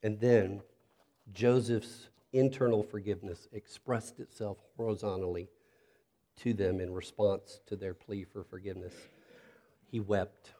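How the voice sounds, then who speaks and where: Low mellow-voiced man preaching a sermon. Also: steady tone, a little slow. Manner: earnest, drops to soft intimate tone when appealing to listeners. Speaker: pastor.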